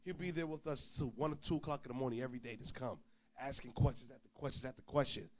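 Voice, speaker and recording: A preacher with a mid-range voice moves at a quick pace through a travel anecdote in an informal sermon. He plays both parts of the dialogue and swings from loud to soft.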